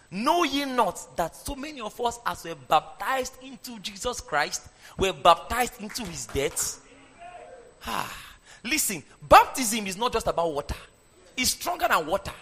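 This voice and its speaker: A man preaching a sermon and having the congregation repeat his lines back to him. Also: high voice. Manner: animated preaching, leads the congregation in call-and-response. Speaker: pastor. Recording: echoey hall with long reverb.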